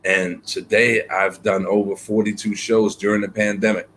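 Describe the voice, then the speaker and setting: A man with a very low voice speaks as a guest poet in an interview. He tells his story earnestly, pausing on fillers and repeating phrases. A faint hiss of noise sits under his voice. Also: little pitch movement, a bit bright. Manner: reflective, earnest, many fillers and repeated words.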